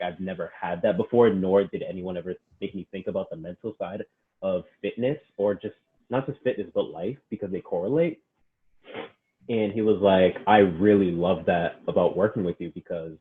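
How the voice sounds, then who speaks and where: A man, a personal trainer, casually telling stories in an interview and quoting his clients with lots of "he's like.". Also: deep voice. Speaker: personal trainer, podcast guest. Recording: tinny phone-like line.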